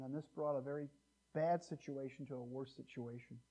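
In a church, a male pastor delivers an expository sermon, lively and prone to joking asides, his volume swinging widely between loud and soft. His husky voice sits at a medium pitch and moves at a normal speed.

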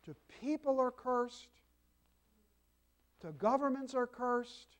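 An older man, a grandfather, preaching a sermon as pastor and telling homely stories with asides to the congregation. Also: extremely high pitch. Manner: folksy storytelling with congregation asides.

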